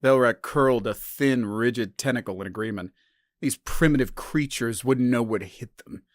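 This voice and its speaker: A man narrating a science-fiction story in a measured, subdued scripted reading. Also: medium pitch, no room sound, studio quality.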